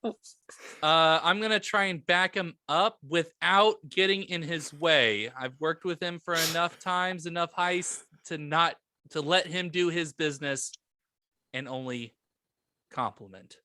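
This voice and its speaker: A man's voice: fairly high pitch, unhurried, sharp tone, clear, resonant tone, dry recording, clean studio sound. A man playing a tabletop game, casual and joking, laughing often. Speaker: player.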